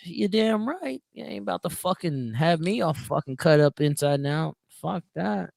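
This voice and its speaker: Casual, profane man, mid pitch, dry close mic; prison-sergeant storyteller, loud bursts then mutters. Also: lively intonation, moderate pace, gravelly, dry recording. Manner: profane storytelling with swings in loudness. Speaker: prison sergeant and podcast guest. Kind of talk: casual podcast chat.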